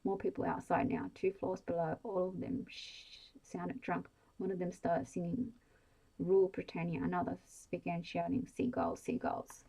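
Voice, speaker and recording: A woman reading a bedtime story aloud in a soft, hushed ASMR style, slow and even. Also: on the low side, vocal fry, husky, rough recording.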